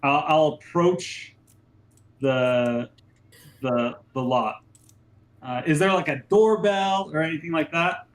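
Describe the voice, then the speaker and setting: A man's voice: fairly high pitch, slow, long pauses, roomy sound. A man playing a tabletop role-playing game in character, stammering and flustered, with lots of restarts. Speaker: player.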